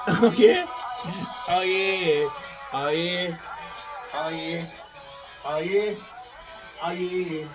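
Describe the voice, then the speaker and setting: A man's voice: sits high, slow pace, pauses often, music in the background. A man in a rambling self-filmed monologue, boastful, swearing freely and breaking into laughter between phrases.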